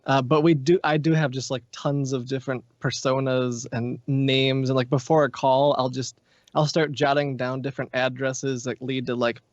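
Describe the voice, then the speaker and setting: A man's voice: medium pitch, little pitch movement, normal speed, dry recording. A man chatting as a podcast guest, loose and rambling with lots of filler words. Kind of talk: casual podcast chat. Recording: dull, muffled podcast audio.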